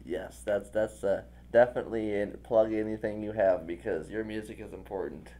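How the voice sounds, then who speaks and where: Male interview host, relaxed dark tone, effusive and eager. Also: lowish voice, normal speed. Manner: effusive, enthusiastic praise. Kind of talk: casual interview chat.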